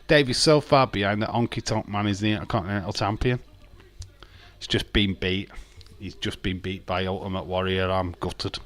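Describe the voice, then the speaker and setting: A man's voice: sits low, steady tone, brisk, fairly bright tone. A man hosting a live watch-along, chatting casually and joking with his viewers, often laughing. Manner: talks to viewers and chat by name. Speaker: livestream host.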